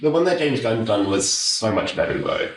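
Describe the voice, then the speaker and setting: A man's voice: lowish voice, expressive, moderate pace, distant mic. Laid-back man chatting in an echoey room. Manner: laughs easily, retells clips with quoted voices. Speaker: tattoo client and guest. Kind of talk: casual chat.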